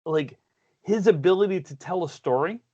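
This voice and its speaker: A man rambles eagerly through a casual podcast chat. His voice sits a little high, and he restarts his sentences often. The audio is dull and lo-fi, like a remote call. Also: normal speed, warm tone. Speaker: podcast co-host.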